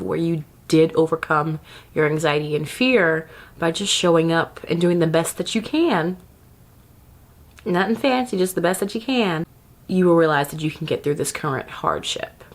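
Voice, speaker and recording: Chatty, laughing woman vlogger. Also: on the low side. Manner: chatty, laughs often, sidetracked asides. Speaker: self-care vlogger. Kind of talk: casual advice talk to camera.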